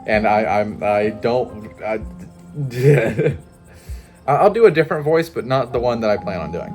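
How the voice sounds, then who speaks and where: A man with a sore throat reading a story game aloud for a video, pausing to joke about his own voice. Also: mid-range voice, faint music behind. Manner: expressive reader who breaks off to joke and laugh. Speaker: gaming video creator.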